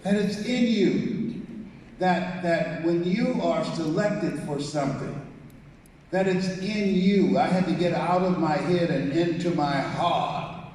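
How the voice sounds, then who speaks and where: A man's voice: a little high, slow pace, darkish tone, a little hiss or hum. A man giving a live motivational speech, telling a story, acting out the dialogue and calling on the audience to repeat after him. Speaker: motivational speaker. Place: large hall with audience. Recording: echoey hall, mic from far off.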